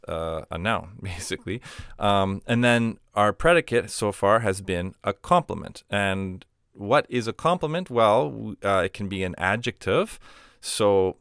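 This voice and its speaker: A man with a fairly low, smooth, resonant voice teaches a grammar lesson. He works through the examples patiently, saying each phrase slowly and repeating it. The sound is dry and close to the mic. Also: a bit bright, no room sound. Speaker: language teacher.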